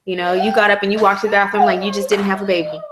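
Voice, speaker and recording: A woman's voice: medium pitch, little pitch movement, rapid-fire, noisy background. A woman vlogger telling a personal story in casual, candid, emotional slang.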